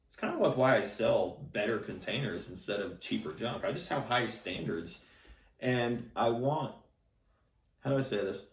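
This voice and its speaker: A middle-aged man speaking casually and bluntly to camera as a salesman and channel host, rambling with many restarts and fillers. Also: medium pitch. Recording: echoey room, voice a bit far from mic.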